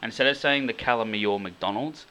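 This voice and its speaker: A man's voice: mid-range voice, a little fast, sharp tone, slight background noise. A man co-hosting a podcast, telling a rambling story in casual chat and laughing easily. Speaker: podcast co-host.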